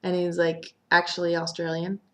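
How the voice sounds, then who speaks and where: A woman's voice: fairly low pitch, completely flat delivery, normal speed, a bit bright. A young woman casually recapping a soap opera as host, chatty and full of fillers, sometimes acting out quotes.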